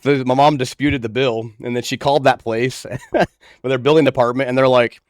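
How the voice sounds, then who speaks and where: A man co-hosting a casual podcast, spinning animated stories and breaking into laughter often. His voice sits in an ordinary middle register. The recording is close and dry, with no room sound. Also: mid-range voice, a little fast, dry recording. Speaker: podcast co-host. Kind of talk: casual chat.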